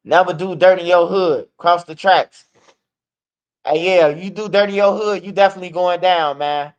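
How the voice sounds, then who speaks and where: A man with a high voice hosts a street news channel. He talks in blunt, profane street storytelling. The recording sounds dull and lo-fi. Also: normal speed. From Chicago. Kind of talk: casual commentary.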